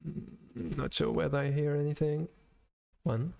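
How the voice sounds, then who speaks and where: Slow, hesitant man thinking aloud. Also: fairly high pitch, gravelly, warm tone. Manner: hesitant, searching for words, self-correcting. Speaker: live-coding streamer. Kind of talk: thinking aloud while programming on a livestream.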